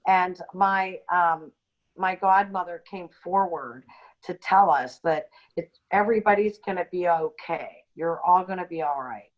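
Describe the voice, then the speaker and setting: A woman's voice: on the low side, a little slow. Woman telling a story, lots of ums and restarts, kinda muffled lo-fi sound. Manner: hesitant, many ums and restarts. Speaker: podcast co-host. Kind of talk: unscripted personal storytelling. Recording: dull lo-fi audio.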